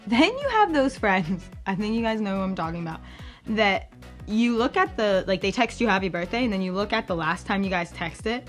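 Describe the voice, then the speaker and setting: A young adult woman hosting a campus ministry podcast in a chatty, bubbly way, full of fillers and with high-pitched quoted voices. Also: very animated, fairly quick, soft background music. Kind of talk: casual chat.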